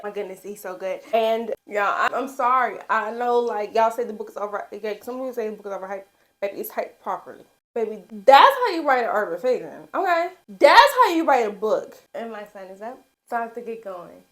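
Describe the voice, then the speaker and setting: A young woman vlogging a casual book review, excitable and gushing as she talks straight to her viewers. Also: medium pitch.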